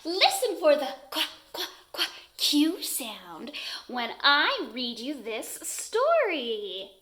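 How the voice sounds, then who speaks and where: Playful, bright-voiced preschool teacher. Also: female voice, sits high. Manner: playful and giggly, asks children questions. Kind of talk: reading a picture book to young children.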